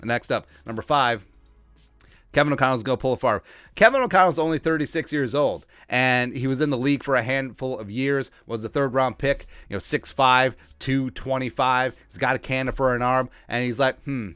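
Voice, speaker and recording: A man hosting a sports podcast, riffing in a joking, rambling way and putting on quick mock voices for the people he talks about. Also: medium pitch, fairly bright tone, smooth, no room sound, soft background music. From Asian heritage, Minnesota fan. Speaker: podcast host. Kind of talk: comedic sports commentary.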